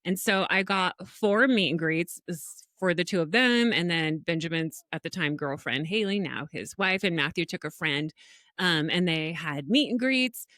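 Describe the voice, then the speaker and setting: A woman's voice: fairly low pitch, normal speed, dry recording, clean studio sound. A middle-aged woman co-hosting a podcast, telling stories animatedly in a casual chat and laughing often. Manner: animated storytelling with frequent laughs. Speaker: podcast co-host.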